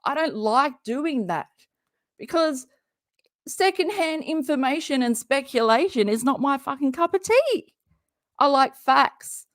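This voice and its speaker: Her voice sits high and sounds animated as she offers casual live commentary on a stream, speaking at a measured pace. She swears, laughs, wanders off topic and breaks off mid-thought. The recording is dry and clean, studio-grade.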